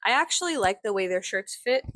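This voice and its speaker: A woman's voice: medium pitch, lively intonation, a little fast, fairly bright tone, no room sound, clean studio sound. A young woman rambling casually to camera, swearing freely and acting out her own thoughts with self-mocking humor. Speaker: vlogger.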